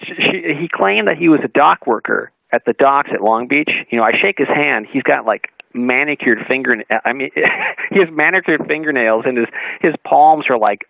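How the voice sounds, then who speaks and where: A man, an author guest on a radio talk show, telling an anecdote in a lively way, acting out dialogue and laughing often. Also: medium pitch, normal speed, creaky, no echo. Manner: animated storyteller, acts out dialogue, laughs often. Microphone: phone call-in. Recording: narrowband phone line, dry.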